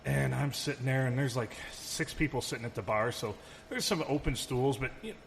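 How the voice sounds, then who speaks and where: A man's voice: mid-range voice, fairly quick, creaky. A man co-hosting a podcast in casual chat, telling rambling stories and swearing freely. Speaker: podcast co-host. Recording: long reverb, faint room noise.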